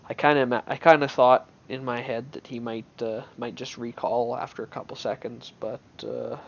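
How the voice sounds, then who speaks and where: A man's voice: mid-range voice, little pitch movement, normal speed, vocal fry, lo-fi sound. A man giving casual gameplay commentary on his own match, thinking aloud in an offhand way with many restarts.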